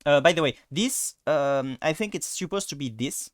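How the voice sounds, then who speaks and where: A man's voice: a little high, animated, normal speed, no echo, studio quality. Hesitant French-accented man explaining vowels. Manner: hesitant, many fillers and restarts. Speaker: language teacher. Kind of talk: casual pronunciation lesson.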